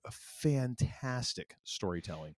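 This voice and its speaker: A middle-aged man co-hosting a podcast, telling a story in casual chat and acting out family quotes with animated energy. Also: medium pitch, unhurried, no room sound, studio quality. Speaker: podcast co-host.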